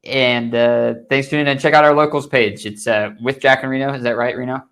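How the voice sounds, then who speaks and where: A young man co-hosting a casual podcast, easygoing in tone. He often trails off mid-thought and starts his sentences again. His voice sits at an ordinary middle pitch. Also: steady tone, brisk, fairly bright tone, clean tone. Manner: laid-back, trails off and restarts sentences. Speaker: podcast co-host.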